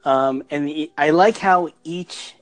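A man's voice: on the high side, slow. A man hosting a casual movie discussion podcast, talking in an enthusiastic, rambling way as he steers the conversation. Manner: enthusiastic, rambling, leading the talk. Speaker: podcast host.

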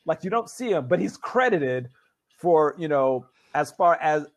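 Rambling podcast host, slightly high voice. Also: male voice, animated, measured pace. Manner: rambling, musing, many fillers and restarts. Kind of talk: casual podcast chat.

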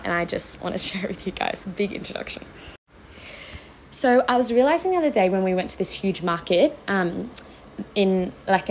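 Earnest young mum sharing reflections. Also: female voice, on the low side, a little hiss or hum, poor audio. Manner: earnest, open and reflective, with frequent "like" and "um". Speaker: podcast host. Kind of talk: casual faith-based podcast talk.

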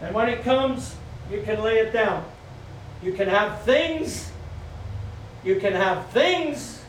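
A middle-aged pastor with a high, animated voice preaches slowly in a church sanctuary, repeating his points and leading the congregation in call-and-response. The room is echoey, he's recorded from far off, and there's slight background noise and faint ambience.

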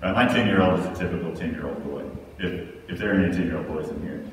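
A man's voice: low-pitched, fast, a little hiss or hum. A man in his thirties from Texas, preaching a sermon in a conversational way and often checking in with "right?". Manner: conversational, keeps asking "right?". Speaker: pastor. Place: large church sanctuary. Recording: echoey hall, mic far off.

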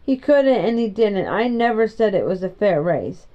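A woman reading the lines of an eager, stubborn young boy, insistent and excitable, in a storybook reading. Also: mid-range voice, moderate pace, close to an everyday voice. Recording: dull lo-fi recording.

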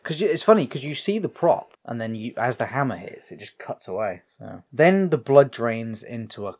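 A man's voice: mid-range voice, sing-song, moderate pace, darkish tone. A man with a British accent casually recapping a film as podcast co-host, telling it animatedly and swearing freely. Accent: British English.

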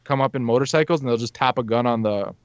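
A young man rattles through a story at a quick clip, animated and breaking into laughter, acting out the people in it. His voice is dry and close, with a slightly dull, lo-fi sound. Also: mid-range voice, smooth, no echo. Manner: animated, laughs often, acts out quotes. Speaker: podcast guest telling a story. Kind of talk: casual storytelling.

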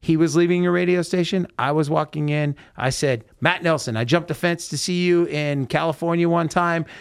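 Animated male podcast host telling stories. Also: a little high, normal speed, gravelly, clean tone. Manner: animated storyteller acting out quotes. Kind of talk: casual storytelling chat. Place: podcast studio.

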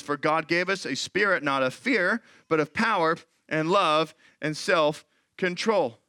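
A man preaching a sermon in a high, bright voice, animated and slipping into quoted voices. The sound is dry and close, with no room echo. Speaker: pastor.

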